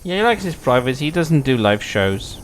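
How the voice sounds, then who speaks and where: A man's voice: mid-range voice, sing-song, fairly quick, slight background noise. A young man streaming a game, chatting casually, playful and swearing freely. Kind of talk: casual gameplay commentary.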